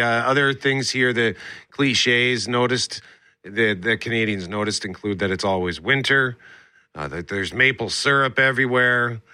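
A man hosting a talk radio show, reading out survey findings and chatting in a relaxed way with his co-host. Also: lowish voice, no room sound, studio quality. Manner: relaxed, reads survey findings, chuckles along.

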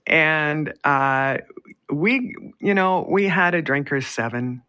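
A woman's voice: deep voice, lively intonation, slow, sharp tone. A middle-aged woman from Canada hosting a radio show, telling a story in casual chat and laughing often. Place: radio studio.

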